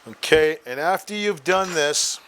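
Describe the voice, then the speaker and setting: A man hosts a cooking show with eager, chatty enthusiasm, talking straight to the viewers. His voice sits a little high. He shifts easily between recipe steps and storytelling. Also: lively intonation, measured pace, fairly bright tone, a little hiss or hum. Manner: enthusiastic, addresses viewers as guys. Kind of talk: cooking demonstration and anecdote.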